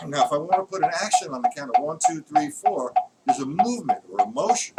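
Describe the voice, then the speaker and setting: A man's voice: a little high, very animated, brisk, very noisy. A man teaching a live drum lesson, counting beats aloud as he demonstrates strokes. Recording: distant mic, loud drumming and clicks.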